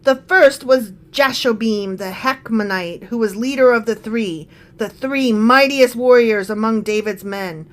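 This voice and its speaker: A high-voiced woman cohosting a casual podcast. She reads passages aloud and breaks off to joke and laugh. Her talk is relaxed and playful. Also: unhurried. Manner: chatty and joking, laughs often. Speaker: podcast co-host. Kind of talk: casual chat reading scripture.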